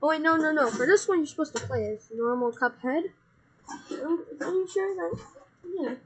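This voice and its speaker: A woman's voice: high voice, animated, moderate pace, rough recording. A woman chatting casually while playing, explaining tactics to her partner. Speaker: gamer. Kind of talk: casual gameplay chat.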